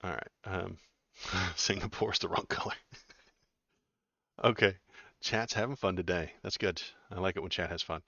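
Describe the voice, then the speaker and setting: Streamer host, male, deep and conversational, chatty with viewers, dull close sound. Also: moderate pace, gravelly, sharp tone, no room sound. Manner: chatty, reads news aloud and reacts to chat. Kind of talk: casual live-stream commentary.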